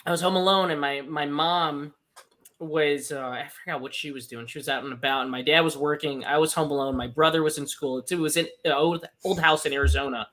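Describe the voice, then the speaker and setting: Animated, bright-voiced young man telling a story. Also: on the high side, fairly quick. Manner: animated, swears often, many fillers and restarts. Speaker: podcast co-host. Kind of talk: casual storytelling chat.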